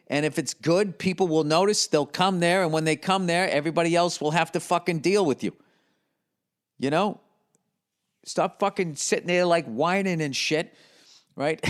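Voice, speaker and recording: A man's voice: fairly high pitch, normal speed. A man hosting a solo podcast, rambling in a profane, blunt way and often slipping into mocking voices. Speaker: podcast host.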